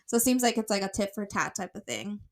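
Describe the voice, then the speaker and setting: A woman's voice: medium pitch, expressive, fast talker. A woman co-hosting a casual podcast, a bit out of breath as she reads a listener's letter aloud with fillers and restarts. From United States. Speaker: podcast co-host.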